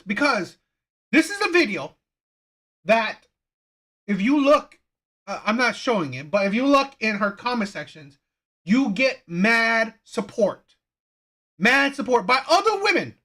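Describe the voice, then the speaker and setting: A man giving heated reaction commentary with a bright, forceful edge. He repeats himself, swears freely and hammers every point as he rants. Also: very high-pitched. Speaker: reaction channel host. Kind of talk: ranting video commentary.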